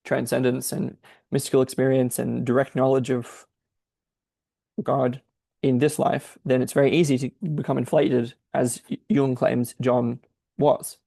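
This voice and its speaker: A man's voice: mid-range voice, flat delivery, measured pace, vocal fry, warm tone, no echo. A man thinking aloud as he explains a difficult text, in a searching, explanatory manner. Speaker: podcast host explaining a text. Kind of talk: exegetical commentary.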